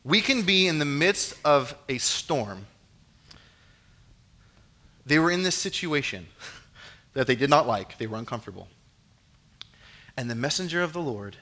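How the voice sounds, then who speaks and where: A young man giving a casual sermon, reading scripture and acting out the scenes in an animated, joking way. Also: medium pitch, normal speed, pauses often. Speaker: preacher. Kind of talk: casual youth-style sermon with Bible reading.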